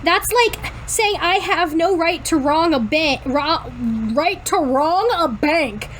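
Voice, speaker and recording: A young actress on the verge of tears who keeps defending herself. She speaks in a high voice, as a woman reads her part aloud, with a faint hiss behind. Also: expressive, slow, fairly bright tone, heavily acted. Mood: upset.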